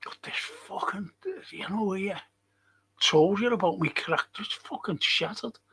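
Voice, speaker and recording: Slow, grumbling older English host. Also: male voice, high-pitched, sharp tone, breathy edge. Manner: grumbling, swears a lot, moaning. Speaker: livestream host. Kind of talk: casual live chat reading viewer comments.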